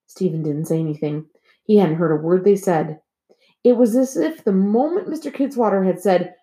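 Lively low-voiced woman reading a children's story. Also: normal speed. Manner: lively and expressive. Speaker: audiobook reader. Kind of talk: storybook narration.

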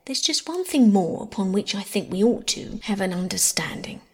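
A woman reading the lines of an eager, frank young man in a brisk, candid way. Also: mid-range voice, expressive. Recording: husky voice in long reverb.

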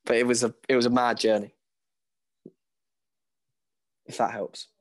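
A man, a stage actor answering audience questions in casual talk, animated and laughing often, speaking in quick bursts with many restarts. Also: medium pitch.

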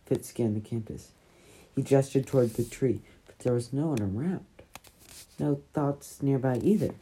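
A woman reading a novel chapter aloud in a measured, unhurried storytelling manner. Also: rumbling low, mellow, husky, low-quality recording. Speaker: audiobook reader.

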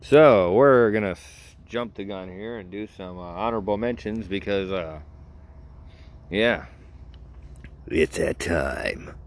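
In a lowish voice at a moderate pace with hardly any pauses, a man runs his own podcast as a relaxed solo talk. He meanders and pokes fun at himself throughout.

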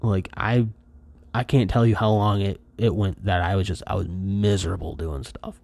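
Gravelly low-voiced man rambling casually. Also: normal speed, no echo. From Michigan. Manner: rambling, lots of fillers and restarts; lively when acting out quotes. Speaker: podcast host. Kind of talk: casual chat.

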